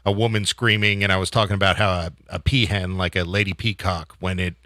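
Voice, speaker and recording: A man's voice: sits low, fairly quick, dry recording. A man hosting a radio show, chatting casually and telling stories with easy laughs. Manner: relaxed storyteller, easy laughs.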